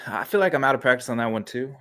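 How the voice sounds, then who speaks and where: A man co-hosting a podcast over an online call, relaxed and chatty. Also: mid-range voice, rapid-fire. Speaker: podcast co-host. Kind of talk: casual chat.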